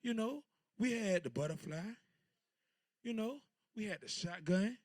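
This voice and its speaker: A man's voice: sits high, lively intonation, measured pace, no room sound, studio quality. A man in his thirties from Virginia doing a stand-up set, telling loose, rambling stories full of crude jokes. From Portsmouth, Virginia. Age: 30s. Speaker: stand-up comedian.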